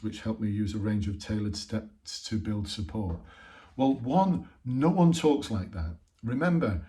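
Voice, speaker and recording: A man's voice: fairly low pitch, mellow. A man coaching candidates for police interviews in a direct, emphatic way, firing off rhetorical questions. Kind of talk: instructional talk.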